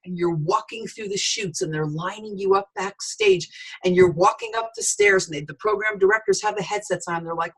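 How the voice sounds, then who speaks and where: A middle-aged woman giving an animated sales training talk, telling stories with voices for the people in them. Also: medium pitch, a little fast, breathy edge, poor audio. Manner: storytelling, lively quoted voices.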